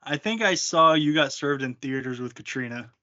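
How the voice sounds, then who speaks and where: Bright-voiced wisecracking man. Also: mid-range voice, expressive, normal speed. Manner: wisecracking, dry jabs. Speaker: podcast co-host. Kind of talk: casual chat. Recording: dull lo-fi podcast audio.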